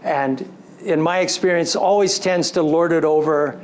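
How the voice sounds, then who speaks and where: A man giving a storytelling lecture to an audience, recounting a personal story in an animated way and slipping into quoted dialogue. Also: fairly high pitch, unhurried, a little hiss or hum. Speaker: story coach.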